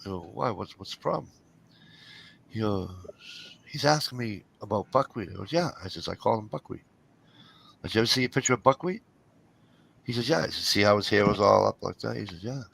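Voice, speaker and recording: A man with a gravelly, creaky voice that still sounds bright and forceful tells crude stories in a loose chat among friends. He acts out both sides of every conversation in his stories. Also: on the low side, lively intonation, fast. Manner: profane storytelling, acting out quoted back-and-forth.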